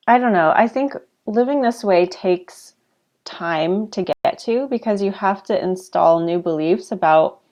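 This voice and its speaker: Woman co-host, low voice, thoughtful and affirming in easy conversation. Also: a little mellow, highs cut off. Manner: reflective, encouraging, lots of affirming murmurs. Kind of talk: casual chat.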